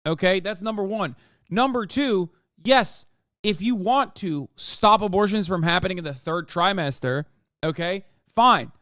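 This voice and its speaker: A man's high, fairly bright voice carries lively intonation, though his pace is a little slow. He's in his thirties, ranting on a live stream about a political interview and clashing with his chat in profane, combative terms. There's no room sound, just clean studio audio.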